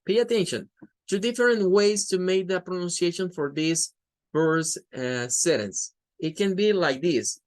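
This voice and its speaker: A woman whose first language is Spanish, teaching an English class with a Spanish accent and repeating phrases slowly for pronunciation drills. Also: lowish voice, dry recording.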